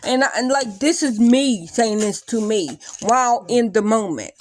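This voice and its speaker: High-voiced woman rambling in a vlog. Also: unhurried, a little hiss or hum. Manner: rambling, animated, many likes and restarts. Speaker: vlogger. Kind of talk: casual confessional talk to camera.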